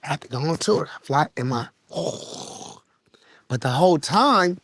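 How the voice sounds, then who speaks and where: A man from Los with a gravelly voice, telling a personal story bluntly and candidly in an interview. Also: a little high, animated, slow pace, a bit bright, dry recording. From Los Angeles, USA. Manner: blunt, profane, heartfelt, slips into voices when quoting. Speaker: guest musician and producer.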